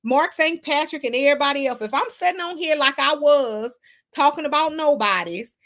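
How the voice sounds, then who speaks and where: A woman hosting a casual gossip livestream, sassy and animated, laughing often as she reads the chat. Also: high-pitched, moderate pace. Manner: sassy, animated, laughs a lot, Southern Black American slang. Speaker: livestream host reading chat.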